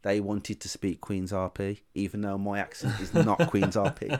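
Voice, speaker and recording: A man from England, hosting a casual podcast chat in a relaxed, hesitant way with frequent "um"s. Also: lowish voice, moderate pace. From England, Jamaican heritage.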